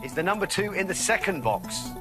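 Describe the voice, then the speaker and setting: An upbeat male game show host who jokes and laughs easily as he keeps the contestants moving. His pitch swings around a lot. Clear background music plays under his voice throughout. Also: very animated, fairly quick. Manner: jokey, often laughing, encouraging. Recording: studio with loud background music.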